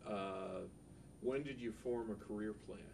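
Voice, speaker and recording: A man asking oral history interview questions in a hesitant, halting way. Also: fairly low pitch, creaky. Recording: distant mic with noticeable background noise.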